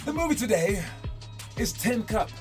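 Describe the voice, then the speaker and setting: A man's voice: high-pitched, very animated, normal speed. A man coaching kids in a casual, rambling talk, joking and breaking into song now and then. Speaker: basketball coach teaching kids. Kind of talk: casual motivational classroom talk. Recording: music playing loudly underneath.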